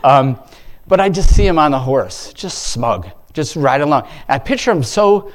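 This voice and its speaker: Rambling, slightly high-voiced man preaching. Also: animated, normal speed. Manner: rambling, self-interrupting, exclamatory. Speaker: lay church speaker. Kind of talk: informal devotional preaching.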